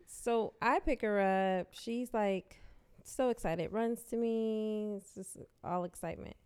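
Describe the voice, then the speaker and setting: A woman's voice: mid-range voice, a little slow, darkish tone, smooth. A woman chatting casually, laughing often and recounting a story about her family. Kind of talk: casual chat.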